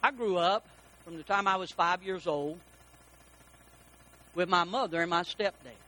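A middle-aged man, preaching a sermon and telling personal stories, stretching key words with slow emphasis. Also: high voice, bright, forceful tone, low-quality recording. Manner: preaching with storytelling, slow emphatic stresses, quoted dialogue. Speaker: pastor.

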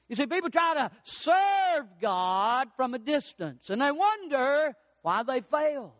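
A man's voice: extremely high pitch, unhurried. A man preaching a sermon, telling stories and acting out what people say. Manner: animated storytelling preacher, acts out voices. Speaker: pastor. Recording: dry with long hall reverb.

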